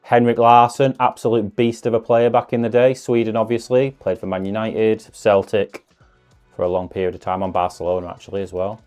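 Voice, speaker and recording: A man's voice: lowish voice, flat delivery, a little fast, a little mellow, clean tone, faint music behind. A man hosting a casual card-opening video, chatting along in a musing way with self-deprecating asides. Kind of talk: casual unboxing commentary.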